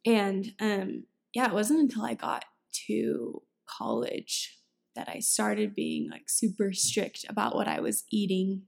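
A woman's voice: mid-range voice, animated, slow, vocal fry. A young adult woman co-hosting a casual podcast, telling a candid personal story. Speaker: podcast co-host.

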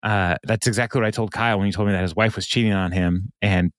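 A man's voice: fairly low pitch, steady tone, fast, dry recording, studio quality. A man co-hosting a podcast, casually recapping an episode, laughing often and briefly mimicking the characters. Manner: retells scenes, briefly mimicking the characters' lines; laughs often while talking. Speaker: podcast co-host.

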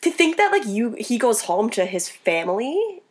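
A young woman co-hosting a casual chat, telling stories in a crude, animated way. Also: on the high side, moderate pace. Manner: crude, animated storytelling with frequent laughter.

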